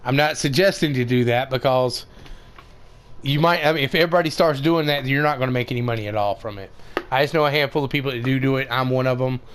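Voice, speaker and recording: A man's voice: mid-range voice, fast, fairly bright tone, slight background noise. A man giving casual, rambling commentary over a game tutorial, with many fillers and restarts. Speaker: gaming video creator.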